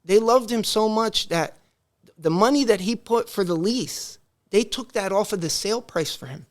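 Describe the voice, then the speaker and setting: Brief: man, high voice, animated storyteller on a podcast. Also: normal speed. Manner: animated, acts out family dialogue. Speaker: podcast guest. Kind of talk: casual storytelling.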